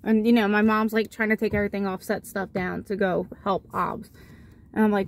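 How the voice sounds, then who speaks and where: A young mother talks from her car, recounting a family story in a loose, rambling way. She keeps circling back with fillers and restarts. Her voice sits at a middle pitch for a woman. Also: level tone, a little fast, a little hiss or hum. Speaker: vlogger and mother. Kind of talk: casual storytelling vlog.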